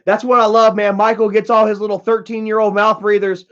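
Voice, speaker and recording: A man's voice: high voice, little pitch movement, moderate pace, fairly bright tone. A man hosting a livestream, ranting bluntly and with profanity while reading chat comments aloud. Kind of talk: candid casual livestream rant. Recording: dull lo-fi stream audio.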